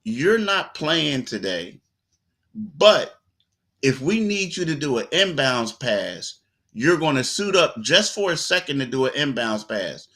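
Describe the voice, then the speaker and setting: A man co-hosting a sports talk show, telling stories in a loose, animated way with lots of quoted asides. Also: a little high, measured pace.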